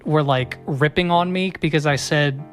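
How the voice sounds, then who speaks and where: A man's voice: on the high side, moderate pace, faint music behind. A man co-hosting a podcast, chatting casually and rambling with self-mocking asides and restarts. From Las Vegas, Nevada. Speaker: podcast co-host. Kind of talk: casual chat.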